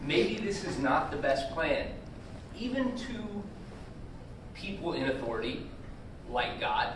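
A man taking part in a group Bible discussion, speaking quietly and in a measured way. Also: on the high side, very animated. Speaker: study group participant. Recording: distant, roomy, noisy background.

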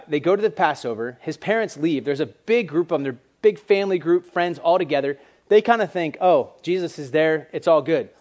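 A man preaching a casual sermon to young people, animated and acting out quoted voices. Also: on the high side.

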